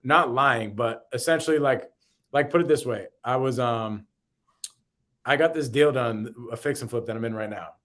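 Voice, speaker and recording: A man co-hosting a casual real estate show, chatting in loose slang. He repeats and restarts words as he talks, in a voice of ordinary middle pitch. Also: moderate pace, a bit bright. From Boston. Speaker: co-host. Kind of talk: casual podcast chat.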